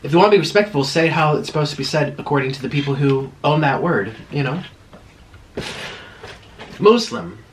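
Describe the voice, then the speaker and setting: A man's voice: on the high side, fast, few pauses, slight background noise. A man chatting casually while eating on camera, rambling and laughing at himself. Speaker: mukbang vlogger.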